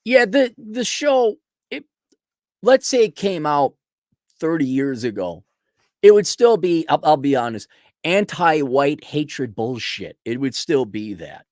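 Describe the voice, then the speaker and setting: A man's voice: on the high side, sing-song, measured pace, no echo, studio quality. A man hosting a live stream, giving sarcastic, scornful commentary in a casual rant with frequent restarts.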